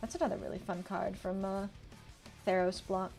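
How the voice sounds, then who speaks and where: A woman's voice: medium pitch, little pitch movement, normal speed, gravelly, a little mellow, soft background music. A young woman streaming casually, chatting with her viewers and reading card text aloud as she builds a deck. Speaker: VTuber streamer. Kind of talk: casual livestream chat while deckbuilding.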